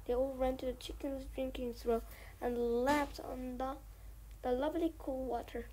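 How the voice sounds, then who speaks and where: A woman reading a children's novel aloud in a soft voice that often drops to a near whisper. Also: sits high, fairly even intonation, moderate pace, a little hiss or hum, low-quality recording. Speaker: storybook reader.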